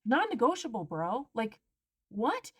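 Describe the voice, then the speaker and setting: Loud, exasperated woman ranting on camera. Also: on the high side, sing-song, measured pace, husky. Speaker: vlogger. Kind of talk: animated storytime rant.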